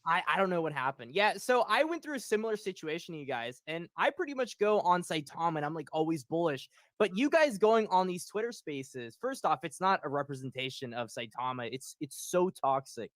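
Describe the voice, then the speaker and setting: A man's voice: a little high, big pitch swings, fairly quick, hardly any pauses, fairly bright tone, no echo, studio quality. A man who runs a crypto channel, guesting on a livestream call and speaking emphatically in a rambling, supportive way. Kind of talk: casual livestream talk.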